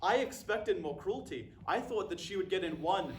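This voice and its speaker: A man with a high voice delivers a scripted comic monologue, dry and deadpan throughout. The sound is roomy and echoey, with faint ambient noise underneath. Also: moderate pace.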